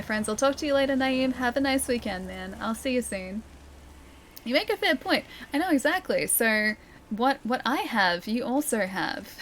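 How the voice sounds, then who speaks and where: A woman's voice: on the high side, fairly bright tone, a little hiss or hum. A young woman streaming a game, chatting casually and giggling as she thinks aloud. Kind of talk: casual gameplay commentary.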